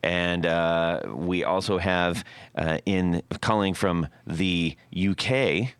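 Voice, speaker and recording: A man's voice: low voice, fairly even intonation, takes it slowly, clear, resonant tone, no room sound. A man hosting a guitar podcast, chatting casually and rambling with lots of fillers. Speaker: podcast host.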